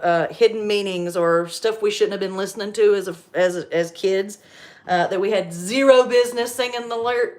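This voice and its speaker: Woman in her forties, chatty livestream talk, slightly high voice, animated and quick to laugh. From North Carolina. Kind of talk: casual livestream chat.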